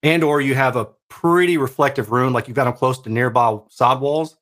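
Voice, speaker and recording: A man's voice: medium pitch, normal speed, a bit bright. A man co-hosting a casual podcast, laid-back and explaining audio technical detail at length. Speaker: podcast co-host, speaker reviewer. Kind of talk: casual chat.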